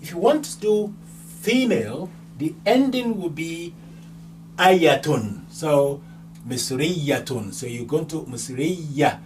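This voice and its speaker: Taking it slowly, a man teaches grammar one step at a time, patiently saying words and their endings again and again. His voice is a little high, animated and darkish. The distant mic picks up a faint hum and soft background music.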